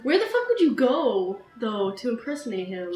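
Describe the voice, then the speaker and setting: A woman's voice: fairly high pitch, sing-song, normal speed, a little mellow. A woman playing a tabletop game who chats playfully and giggles often. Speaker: player. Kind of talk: casual table chat. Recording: echoey room, faint ambient hiss.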